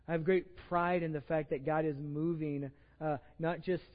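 A man's voice: on the high side, little pitch movement, moderate pace. A man with a Texan accent preaching a conversational sermon as pastor, often repeating words as he restarts. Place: church sanctuary with long reverb. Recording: dull lo-fi sermon recording in a reverberant church.

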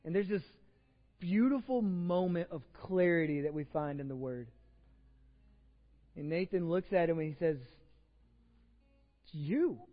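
A male pastor giving a sermon, retelling scripture in casual everyday language with animated storytelling. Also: a little high, moderate pace, pauses often. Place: church sanctuary. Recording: reverberant church hall, slightly dull sound.

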